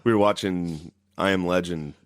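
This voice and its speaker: A deep-voiced man co-hosting a podcast, recorded dry and close. He rambles through stories in a laid-back casual chat, swearing casually. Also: steady tone, normal speed, no echo. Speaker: podcast co-host.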